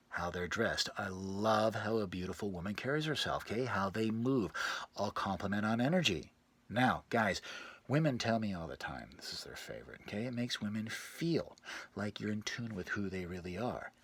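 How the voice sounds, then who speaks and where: A man plays a boastful, sleazy pickup guru, a self-styled dating coach, in a parody self-help lecture, dropping into low murmurs and bursting out with loud scat exclamations. His voice is husky, and there's no echo.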